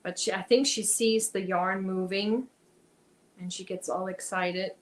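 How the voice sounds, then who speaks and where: A woman's voice: medium pitch, steady tone, a little slow, low-quality recording. A woman hosting a casual crochet livestream, chatting with viewers, reading their comments aloud and talking to her cat.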